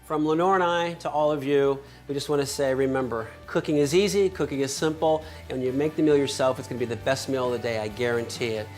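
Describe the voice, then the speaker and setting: A man's voice: medium pitch, fast, hardly any pauses, a little mellow, soft background music. A man hosting a cooking show as the chef, chatty and upbeat, talking viewers through each step in a kitchen. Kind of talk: cooking demonstration.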